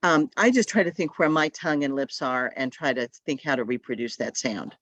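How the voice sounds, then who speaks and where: Over a video call, a woman with a rumbling low, slightly bright voice trains adult language teachers at a fairly quick pace, often acting out sounds and modeling how students talk. The video call audio is dull and dry, with no room sound.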